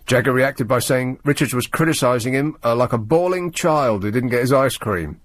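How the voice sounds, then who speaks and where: A man's voice: medium pitch, moderate pace, dry recording. Sardonic man rambling on the radio. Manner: dry, sardonic, rambling with many fillers. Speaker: radio host. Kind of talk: late-night radio chat and news commentary.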